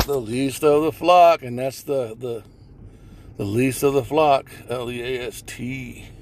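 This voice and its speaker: A man's voice: mid-range voice, creaky, darkish tone, a little hiss or hum. A man giving profane religious commentary over video clips, reading scripture and repeating phrases like a preacher.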